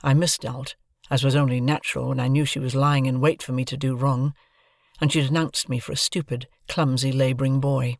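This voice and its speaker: A man reading a classic novel aloud as an audiobook narrator, with a measured, expressive delivery. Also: mid-range voice, vocal fry, no room sound, studio quality.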